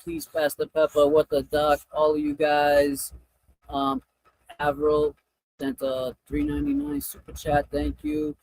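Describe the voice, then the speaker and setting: A male livestream host thanks his viewers one by one in an easy, chatty way. His voice sits high and carries a gravelly edge. He sounds stressed and overwhelmed. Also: measured pace, darkish tone, dry recording, low-quality recording. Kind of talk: casual livestream chat, reading super chats.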